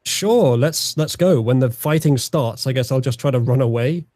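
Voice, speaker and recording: A man's voice: medium pitch, normal speed, a little mellow, dry recording, studio quality. A man playing a tabletop game, joking and swearing about his bad luck. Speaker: player. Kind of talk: casual tabletop game chat.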